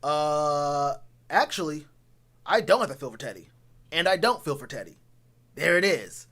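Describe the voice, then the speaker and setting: A man's voice: fairly high pitch, lively intonation, moderate pace, bright, forceful tone. A man streaming a casual, slangy sports rant, blunt and repeating phrases for emphasis. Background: talks to a live chat.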